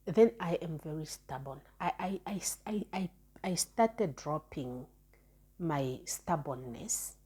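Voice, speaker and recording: Husky low-voiced woman telling a story. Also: dark tone. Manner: chatty, repeats words when restarting, frank. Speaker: storytime vlogger. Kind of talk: casual storytelling monologue.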